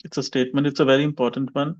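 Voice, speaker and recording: A man's voice: mid-range voice, little pitch movement, rapid-fire. A man teaching an English pronunciation class over a video call, modeling sentences and calling on students. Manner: models sentences with exaggerated intonation, calls on students. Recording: dull lo-fi online call audio.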